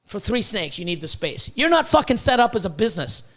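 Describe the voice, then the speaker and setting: High-voiced man ranting profanely. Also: big pitch swings, brisk, fairly bright tone. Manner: profane, rambling, repeats words when heated. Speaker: podcast host, reptile breeder. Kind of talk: casual podcast rant.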